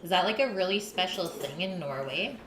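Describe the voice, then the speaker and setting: A woman's voice: fairly low pitch, expressive, brisk, echoey room, background noise. A woman hosting a live cooking stream, chatting casually with her viewers and her partner while she cooks. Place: home kitchen.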